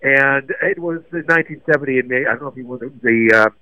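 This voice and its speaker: A man's voice: mid-range voice, quick pace, pushed and bright, no room sound. Host, older man, digressive reminiscing chat, dry and tinny phone-like audio. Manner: digressive, many fillers and restarts. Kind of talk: rambling sports memories chat.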